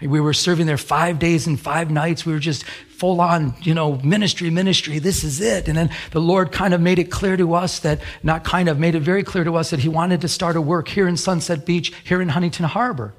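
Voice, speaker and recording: A man preaching a sermon with a somewhat high voice. He tells a personal story earnestly, often restarting his sentences as he goes. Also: steady tone, fairly quick. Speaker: pastor.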